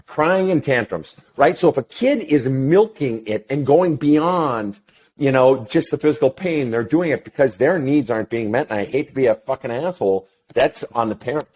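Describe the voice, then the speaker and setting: A middle-aged man talks as a counselor guest in a casual interview. He is blunt and swears freely. He tells his stories in an animated way, at a pitch neither high nor low. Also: normal speed. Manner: blunt, profane, animated storyteller.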